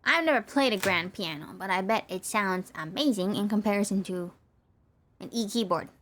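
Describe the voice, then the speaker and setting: A woman's voice: mid-range voice, animated, moderate pace, a bit bright, slight background noise. A young woman streamer giving playful, rambling commentary as she plays a game, often breaking into giggles. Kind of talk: casual gaming commentary.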